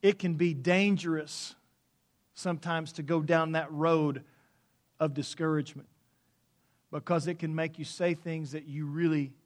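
A man preaching a sermon as pastor, moving from quiet talk to loud, rising preaching. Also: on the high side.

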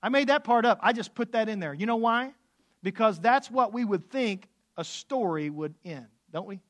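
A man preaching a sermon, swinging between loud outbursts and hushed asides. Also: high voice, lively intonation, moderate pace. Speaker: pastor.

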